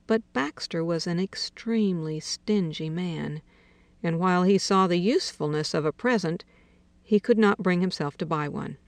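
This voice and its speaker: A woman reading a literary short story aloud in a slow, measured way, dropping to a hush for quiet dialogue. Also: fairly low pitch, dry recording. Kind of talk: audiobook narration of literary fiction.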